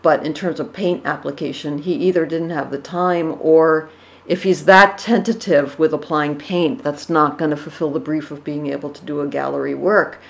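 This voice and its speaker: An art commentator with a low, steady, creaky voice gives casual, thoughtful reactions to portrait paintings at a moderate pace, using fillers and correcting herself. Dogs bark in the background.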